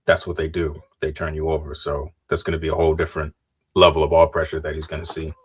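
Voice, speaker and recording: A man's voice: extremely low pitch, monotone, fast, breathy edge. A man co-hosting a casual sports podcast, analytical, often restarting sentences and correcting himself politely. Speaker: podcast co-host.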